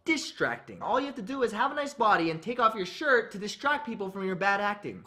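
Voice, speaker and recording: A man's voice: sits high, fast talker. Man hosting a mock acting tutorial. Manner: mock-instructional, deadpan delivery. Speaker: comedy sketch host. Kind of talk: scripted comedy narration. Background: music.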